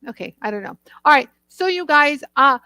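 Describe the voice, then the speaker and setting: A woman's voice: high-pitched, lively intonation, normal speed, pushed and bright, no echo. A woman from the northern United States hosting a live jewelry tool stream, chatting with viewers in a bubbly, gushing way.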